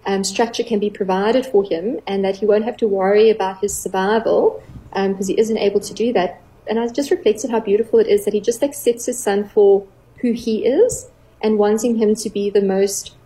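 A middle-aged woman, a clinical psychologist, explaining earnestly on a radio talk show, with gentle playful examples. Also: mid-range voice, steady tone, moderate pace, low-quality recording.

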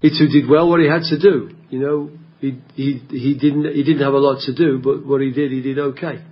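A man's voice: mid-range voice, fairly even intonation, fairly quick, husky. A man, a football coach, giving press comments while thinking aloud and repeating words. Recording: lo-fi press clip.

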